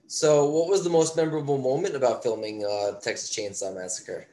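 A man's voice: mid-range voice, steady tone, fairly quick, dark tone. A man interviewing a guest, asking short questions and giving brief, encouraging replies. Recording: roomy echo.

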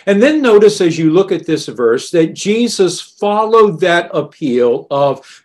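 A man preaches a sermon slowly and deliberately, his voice pitched slightly above the typical male range. He keeps a steady, earnest tone throughout, dropping softer and lower whenever he quotes scripture.

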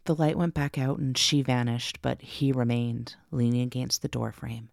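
A woman narrating a first-person ghost story for her podcast, slow and suspenseful. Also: extremely low pitch, little pitch movement, vocal fry, darkish tone, no echo, studio quality.

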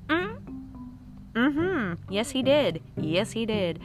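A woman's voice: fairly high pitch, very animated, drawn-out words, over music. A woman in her thirties telling comic stories about her kids in a casual, rambling, profane way. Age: 30s. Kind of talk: casual comic storytelling to camera.

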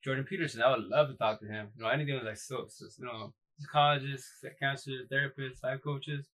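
A man's voice: medium pitch, steady tone, fast, a bit bright, low-quality recording. A man hosting a casual livestream, talking in a rambling, emphatic way, swearing often and repeating himself. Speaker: livestream host.

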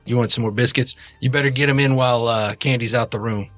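A man's voice: mid-range voice, fairly even intonation, fast, fairly bright tone, soft background music, natural voice. A man voicing a big, crude male troll who talks in a casual drawl. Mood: gruff. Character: gruff large male troll, blunt and crude.

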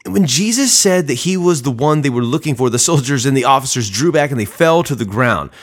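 A man's voice: mid-range voice, expressive, brisk. A man giving a devotional sermon commentary on scripture in a reflective, conversational teaching manner.

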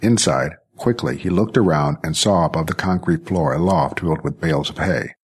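A man reading a science-fiction story aloud as narrator, with steady, even storytelling. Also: a bass voice, normal speed, breathy edge. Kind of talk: scripted audiobook narration.

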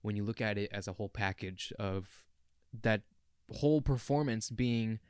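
A man's voice: lowish voice, moderate pace, a little mellow, smooth, dry recording, clean studio sound. A young man co-hosting a podcast, talking in an earnest, rambling and emotional way. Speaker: podcast co-host. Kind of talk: casual chat.

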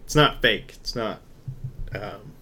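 A young man co-hosting a podcast, rambling casually with lots of fillers and a voice he can't keep quiet. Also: fairly low pitch, animated, slow, a little hiss or hum. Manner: rambling, filler-heavy, loud. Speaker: podcast co-host. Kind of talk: casual chat.

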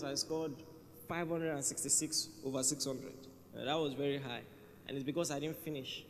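A man's voice: fairly high pitch, a little hiss or hum. A man preaching a sermon in a church hall, conversational and emphatic, often repeating his key phrases. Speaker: pastor. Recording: reverberant church hall, faint ambience.

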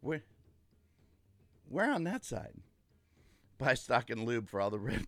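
Creaky, bright-voiced man ranting emphatically. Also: mid-range voice, sing-song, slow pace, pauses often, dry recording. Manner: emphatic, repetitive, gloating. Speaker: livestream host. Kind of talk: casual political livestream rant.

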